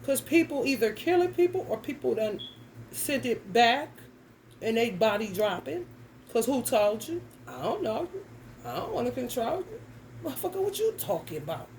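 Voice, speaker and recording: A woman's voice: a little high, big pitch swings, moderate pace, a little mellow, slight background noise, rough recording. A young adult woman giving a casual tarot reading, talking bluntly and emphatically with plenty of cursing and slang. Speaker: tarot reader.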